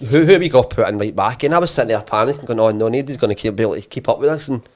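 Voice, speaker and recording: A man's voice: mid-range voice, racing. A man hosting a casual podcast chat, asking questions and talking with lots of fillers. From Scotland. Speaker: podcast host.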